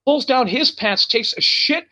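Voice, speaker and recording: A man telling a profane, animated road story as a guest on a casual talk show. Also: very high voice, a little slow, a little hiss or hum. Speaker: guest musician.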